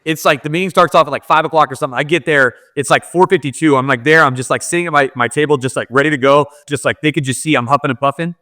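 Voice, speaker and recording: A man's voice: on the high side, rapid-fire, hardly any pauses, sharp tone, no echo, clean studio sound. A man, a podcast guest, telling a personal story in candid, casual talk full of "like" fillers.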